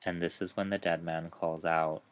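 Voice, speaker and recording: A man reading his own dark short story aloud in a slow, measured storytelling manner. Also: low-pitched, little pitch movement.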